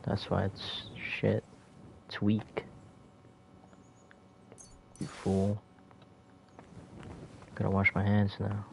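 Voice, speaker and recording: A man's voice: on the low side, completely flat delivery, very slow, vocal fry, pauses often, darkish tone, a little hiss or hum. A male streamer commenting on his gameplay in a profane, trash-talking way. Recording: game music in background.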